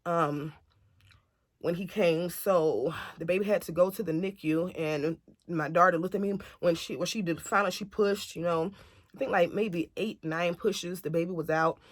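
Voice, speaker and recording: A woman's voice: on the low side, normal speed, dry recording, studio quality. Chatty woman telling a family story. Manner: chatty, animated retelling that acts out other people's lines. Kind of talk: casual storytelling to camera.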